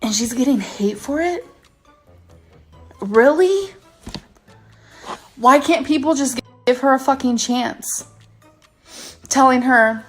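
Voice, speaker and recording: Slow, heated woman ranting. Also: sits high, animated, husky, soft background music. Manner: angry, profane, emphatic rant. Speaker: YouTuber.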